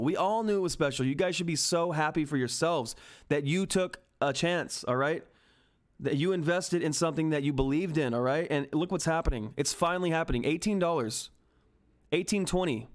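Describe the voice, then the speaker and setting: A man hosting a live stock market stream, talking excitedly and emphatically to his chat from home, repeating himself for emphasis. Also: a little high. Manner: hyped, repetitive, emphatic, swears mildly. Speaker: stock market livestream host.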